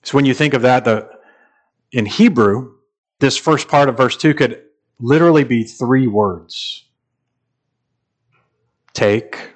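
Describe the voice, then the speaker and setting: A male pastor delivers a sermon in a mid-range voice, earnest and measured, pausing and repeating phrases as he builds to emphatic stretches.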